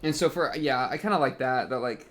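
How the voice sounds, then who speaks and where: A man's voice: medium pitch, a little fast, a bit bright. Rambling young man reacting to anime. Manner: rambling, filler-heavy, thinking aloud. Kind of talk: casual reaction commentary.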